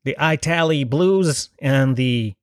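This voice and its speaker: A man putting on the voice of a clueless American man reporting on soccer, drawling his mangled sports jargon like a slow announcer. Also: medium pitch, clear, resonant tone, no echo, studio quality, lightly acted. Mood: mock-announcing. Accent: put-on American.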